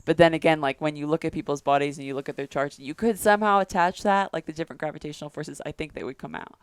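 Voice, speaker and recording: A woman's voice: deep voice, quick pace, smooth, no room sound. A woman from Britain with a mixed British and Texan accent, chatting in a dreamy, rambling way. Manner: dreamy, rambling about astrology. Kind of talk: casual chat.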